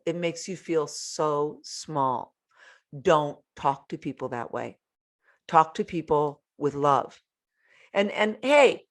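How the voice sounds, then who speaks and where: Woman, self-help podcast host, blunt, candid, profane, talks straight to listeners. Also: medium pitch. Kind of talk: motivational self-help talk.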